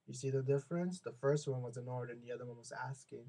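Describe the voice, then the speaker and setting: A young American vlogger vents in a loose, rambling monologue, talking fast with almost no pauses. His medium-pitched voice is mellow, though the recording is rough. He frequently repeats and restarts words and acts out whoever he's quoting.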